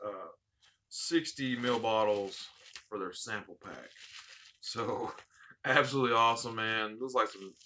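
A man's voice: mid-range voice, pushed and bright, a little hiss or hum. A man hosting a casual unboxing vlog, heartfelt and rambling, repeating his thanks. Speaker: vape channel host.

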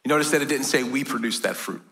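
A man's voice: medium pitch, fast talker, a bit bright, slight background noise. A middle-aged American man, a pastor, preaching a sermon in a church in a casual, joking way and often asking "right?".

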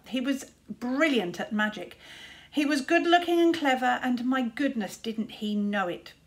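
Brief: woman teacher, children's book read-aloud, lively storyteller, slightly high voice. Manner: expressive storytelling.

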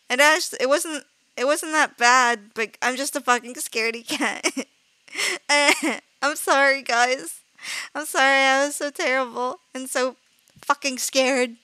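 A woman's voice: high voice, steady tone, moderate pace, pushed and bright, clear, resonant tone, no echo. A woman streaming a horror game live, jumpy and easily frightened. She laughs nervously, shrieks when scared, swears casually and keeps apologizing to her viewers. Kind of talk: live gameplay commentary.

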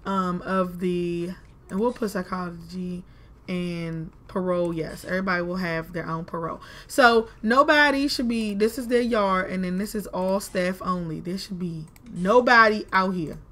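A woman's voice: fairly low pitch, steady tone, moderate pace, a bit bright. A woman giving casual let's-play commentary, chatty and talking to herself, with frustrated exclamations. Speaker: gaming video creator.

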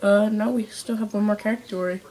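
A woman's voice: mid-range voice, brisk. A young woman chatting playfully as a guest in a home vlog. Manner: playful, lively, teasing. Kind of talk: casual chat.

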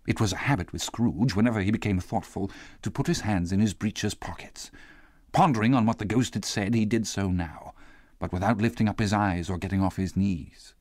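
A man reading a classic novel aloud as an audiobook narrator, measured and expressive. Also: on the low side, dry recording, clean studio sound. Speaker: audiobook reader. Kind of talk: scripted narration.

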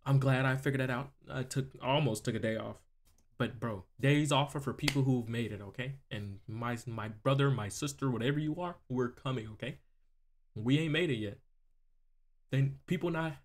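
Chatty young man narrating gameplay. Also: mid-range voice. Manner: repeats himself, peppers talk with 'you feel me'. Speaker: gaming YouTuber. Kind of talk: casual let's-play commentary.

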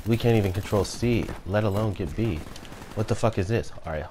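A man's voice: on the low side, fairly quick, noisy background. A man commentating his own gameplay, swearing and ranting at teammates and opponents. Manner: profane trash-talking, ranting at teammates. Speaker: gamer.

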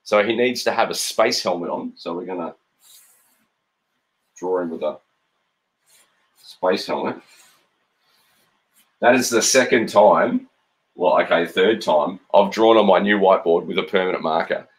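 Jokey Australian cartoonist, lowish voice. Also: male voice, unhurried, pauses often. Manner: playful, jokey running commentary with frequent ums while drawing. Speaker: cartoonist drawing live. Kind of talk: live-stream drawing chat.

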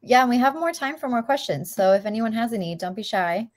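A woman's voice: a little high, lively intonation, a little fast. A woman moderating a bookstore Q&A, asking questions in a friendly, inquisitive way. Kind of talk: casual Q&A hosting.

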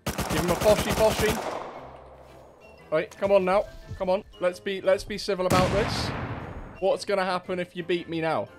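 A man's voice: sits high, flat delivery, normal speed, music in the background. Cheeky man taunting in game chat. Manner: cheeky, mocking banter with British slang. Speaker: game streamer.

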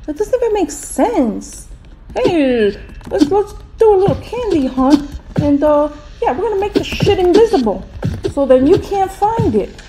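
Older woman, high voice, grumbling sarcastically over her gameplay, faint music behind. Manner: grumpy, sarcastic ranting. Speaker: gaming channel host. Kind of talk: gaming commentary.

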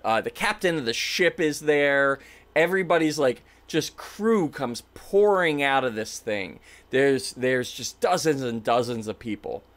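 Casual game master, man, lively narration. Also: mid-range voice. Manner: animated, casual storytelling.

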